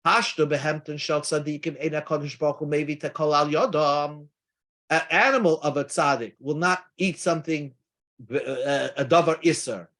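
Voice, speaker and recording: A man's voice: on the high side, fairly bright tone. Man teaching Talmud readings. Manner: halting explanation with frequent restarts, mixing Hebrew-Aramaic readings with English. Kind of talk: Daf Yomi lecture.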